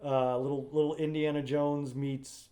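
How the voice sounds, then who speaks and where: A man in casual podcast chat, recalling his early filmmaking in a relaxed, rambling way. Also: mid-range voice, normal speed. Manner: relaxed and rambling, many fillers.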